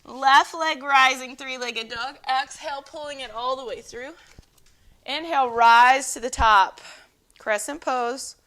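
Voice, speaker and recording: A woman yoga instructor calmly cueing breaths and poses in a guided flow at home. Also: high voice, unhurried. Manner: calm, encouraging breath cueing. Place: home, dogs nearby.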